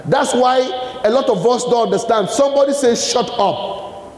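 A Nigerian motivational speaker with a very high-pitched, darkish voice talks a little fast. He's giving a live leadership talk in a large hall, quizzing the audience with fill-in-the-blank questions, and the echoey room adds long reverb.

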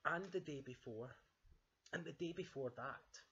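A man voicing an eager, excitable little boy bear cub in a storybook reading, his voice pushed high and pleading. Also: measured pace, husky, muffled recording, exaggerated voice. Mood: complaining.

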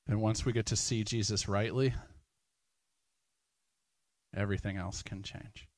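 Earnest low-voiced man preaching conversationally. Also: fairly even intonation, unhurried, no echo. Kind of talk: sermon. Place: church.

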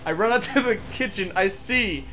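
A man's voice: high-pitched, animated, moderate pace, bright, forceful tone, soft background music. A young man telling a funny story in casual chat over gameplay, laughing through his words. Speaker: let's play co-host.

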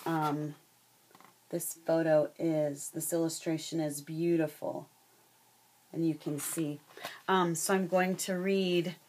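Woman presenter, slow read-aloud, frequent fillers, lowish voice. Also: slight background noise. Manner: unhurried, with many fillers.

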